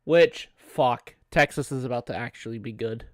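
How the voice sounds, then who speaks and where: A man's voice: mid-range voice, moderate pace, no room sound, studio quality. A man hosting a casual sports podcast, rambling with fillers and swearing, with a cough. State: has a cough. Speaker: podcast host.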